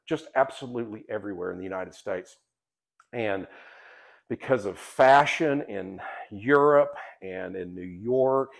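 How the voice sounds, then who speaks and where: A middle-aged man, a podcast host and guidebook author, talking casually like a folksy storyteller who swears now and then. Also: lowish voice. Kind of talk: casual promotional talk.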